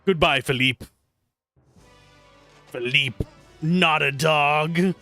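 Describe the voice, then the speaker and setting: A man's voice: fairly high pitch, very slow, soft background music. A man casually commentating his game on a live stream, chatty and joking as he plays. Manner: animated, chatty, jokey asides. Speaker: streamer playing a video game.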